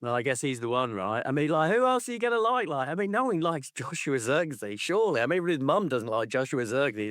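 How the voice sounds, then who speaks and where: A man's voice: mid-range voice, very animated, quick pace, few pauses, a bit bright, no echo, clean studio sound. Teasing, rambling male podcast co-host. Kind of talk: casual chat.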